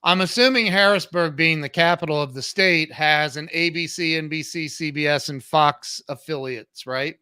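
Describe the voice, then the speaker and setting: A man's voice: on the high side, smooth, no room sound. A man guest on a podcast, telling a story with energy and acting out the dialogue he quotes. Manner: animated, talks fast, acts out quoted dialogue. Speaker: podcast guest, social media coach.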